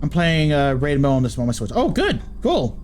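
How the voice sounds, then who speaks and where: A man's voice: a little high, wildly swooping pitch, normal speed, a little mellow, slight background noise. A man streaming a game, making offhand, chatty asides between the game lines. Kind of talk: casual gameplay commentary.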